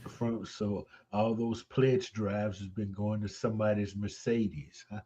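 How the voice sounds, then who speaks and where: A man's voice: fairly low pitch, steady tone, unhurried, dark tone, highs cut off, a little hiss or hum. A man co-hosting a radio show, laid-back and wry, laughing easily in casual on-air chat. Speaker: radio co-host.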